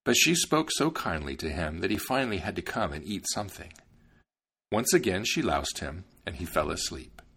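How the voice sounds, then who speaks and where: A man narrating a fairy tale in an expressive storybook style. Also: low voice, normal speed, creaky, breathy edge.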